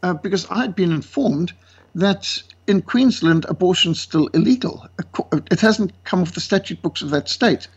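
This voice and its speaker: A man from South Africa with a South African accent, a guest speaker telling lively stories and acting out the voices of the people in them. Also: high-pitched, moderate pace, breathy edge. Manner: lively, acts out quoted voices. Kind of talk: animated storytelling. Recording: dull lo-fi sound.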